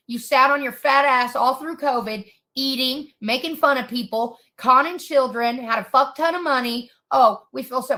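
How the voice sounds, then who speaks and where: A woman tears into someone in a heated, expletive-filled rant. Her voice sits high and rings bright and sharp. She sounds fed up and furious throughout. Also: normal speed, few pauses. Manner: furious, profane ranting. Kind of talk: angry rant.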